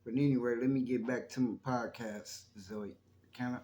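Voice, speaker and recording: A man's voice: medium pitch, steady tone, normal speed, warm tone, echoey room, dull audio. A man hosting his own channel, talking to viewers in a rambling, chatty monologue about his faith. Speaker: YouTube channel host. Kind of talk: casual spoken monologue on faith.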